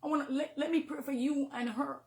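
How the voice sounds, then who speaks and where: A middle-aged woman with a Jamaican accent, a minister giving an emotional, confessional testimony from the pulpit, moving between hushed and fervent. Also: sits high, fairly even intonation, brisk, vocal fry, reverberant. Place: church, near the pulpit.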